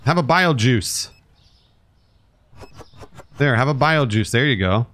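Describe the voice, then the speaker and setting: A man streaming a store game and talking to his chat, sarcastic and grumbling with plenty of swearing. His pitch swings widely from low mutters to high outbursts, in casual live commentary. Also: lively intonation, slow, fairly bright tone. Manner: talks to chat and customers. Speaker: streamer playing a store sim.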